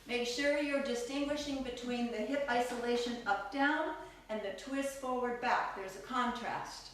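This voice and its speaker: A woman's voice: on the high side, measured pace. A woman teaching a live online belly dance class, counting beats aloud and laughing often between steps. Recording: echoey room, distant from mic.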